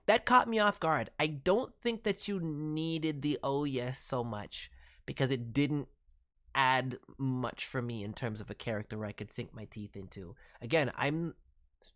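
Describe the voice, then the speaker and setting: A man's voice: on the high side, fairly bright tone. A man streaming feedback on voice acting demos in a friendly, casual way, with hesitant restarts and bursts of slang.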